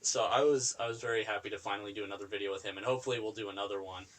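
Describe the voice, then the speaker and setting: A man's voice: lowish voice, steady tone, rapid-fire, fairly bright tone, rough recording. A young man co-hosting a podcast, telling a story in casual chat, rambling with plenty of fillers and breaking into laughter. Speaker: podcast co-host.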